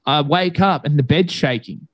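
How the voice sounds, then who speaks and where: A man's voice: on the high side, normal speed, a bit bright, no echo. A young man telling a long story in casual chat, rambling and laid-back with many fillers.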